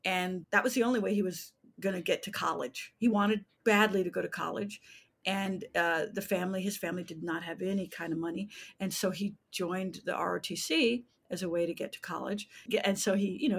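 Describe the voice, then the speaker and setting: A woman in her sixties from the United States, a playwright telling animated stories in an interview and acting out voices as she goes. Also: on the low side, breathy edge. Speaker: playwright guest. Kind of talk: interview storytelling.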